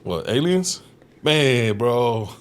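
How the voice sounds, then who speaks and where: A man's voice: medium pitch, extremely slow, clear, resonant tone. A man guesting on a podcast, telling stories in a casual, profane way, often laughing and acting out what others said. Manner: profane, animated, laughs often, acts out quotes. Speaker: guest comedian. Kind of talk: casual storytelling chat. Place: podcast studio.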